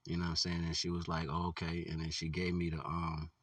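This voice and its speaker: A man casually telling a story on his vlog, relaxed and laughing often, full of "you know what I'm saying" fillers. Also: low voice, fast, husky, no room sound, recorded from a distance. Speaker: vlogger.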